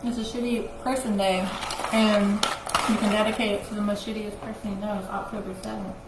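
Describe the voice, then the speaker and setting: A woman co-hosting a casual live chat show, loud and teasing, laughing often. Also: medium pitch, level tone, brisk. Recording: echoey room with noise.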